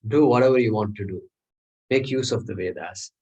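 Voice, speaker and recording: A man's voice: lowish voice, brisk, dark tone, breathy edge, highs cut off. A man teaching a scripture class, explaining step by step, often checking in with "okay?" and asking the class rhetorical questions. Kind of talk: classroom lecture. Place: class room.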